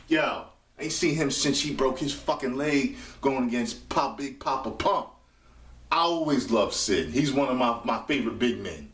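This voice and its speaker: A man reviewing a wrestling show live as he watches, profane and prone to loud excited outbursts. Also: mid-range voice, moderate pace, reverberant, distant mic. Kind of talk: live reaction commentary.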